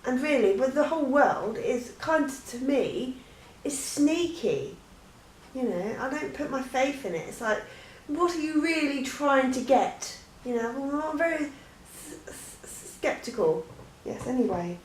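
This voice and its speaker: A chatty woman who rambles through her answers and keeps stopping to restart. Her voice sits a bit high and echoes in a bare room. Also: animated, unhurried, a little mellow, slight background noise. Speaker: vlogger. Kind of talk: casual Q&A chat.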